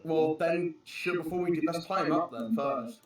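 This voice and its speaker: A man playing a tabletop game, eager and quick to suggest plans. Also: a little high, very echoey, far from the mic, low-quality recording. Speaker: player.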